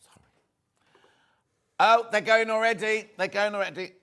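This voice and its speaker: A man's voice: high-pitched, fairly even intonation, normal speed, pushed and bright, clean tone. A middle-aged man presenting live on a shopping channel, chatting and reading out viewer messages.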